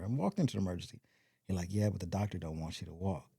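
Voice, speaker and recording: Podcast guest: low-pitched man with a mellow tone and a dry close sound, rambling through a story. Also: quick pace, gravelly, breathy edge, dry recording. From Compton, California. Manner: rambling, animated retelling with quoted voices. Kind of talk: storytelling in casual interview.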